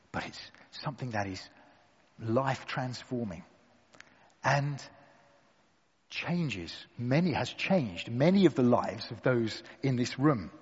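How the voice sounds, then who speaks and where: A man delivers a sermon in an unhurried, emphatic way, leaning on dramatic pauses. His voice rises and falls expressively, with a slightly husky edge. The recording is dull and carries a long hall reverb. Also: mid-range voice, a little mellow. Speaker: preacher. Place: church hall with an audience.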